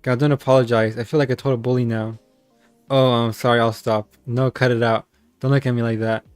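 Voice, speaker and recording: Brief: a man doing a sharp-tongued, defensive young woman for a visual novel, sarcastic and self-mocking, in a flat, steady tone with a dry, close sound. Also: mid-range voice, brisk, clear, resonant tone, no room sound, faint music behind, lightly acted. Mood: exasperated.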